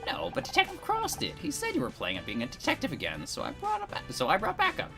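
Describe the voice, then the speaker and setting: A man playing a meddling middle-aged mother in a game, pitched far up in a shrill falsetto. She scolds with self-righteous indignation and swoops around in pitch. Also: huge pitch swings, fast, vocal fry, over music, heavily acted. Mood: scolding.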